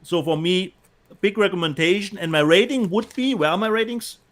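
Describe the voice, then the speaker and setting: A man's voice: high voice, brisk, a bit bright. A man with a German accent co-hosting a casual chat show, reading out viewer comments and laughing often. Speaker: co-host.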